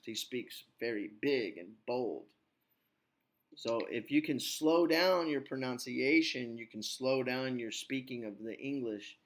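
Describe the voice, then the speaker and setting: Chatty man coaching an English student. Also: medium pitch. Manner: chatty, coaching, many "you know" fillers. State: slightly sick, clears throat. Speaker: English teacher. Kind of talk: online English lesson.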